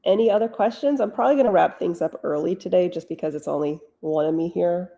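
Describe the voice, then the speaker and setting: A woman's voice: fairly low pitch, fast, gravelly, mellow. A woman author hosting a live writing stream from home, answering chat questions in a blunt, wry, casual way.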